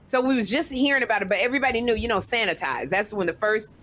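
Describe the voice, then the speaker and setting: A woman co-hosting a talk show, telling a story in a lively, casual way and acting out other people's voices as she goes. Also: fairly high pitch, fast, a little hiss or hum.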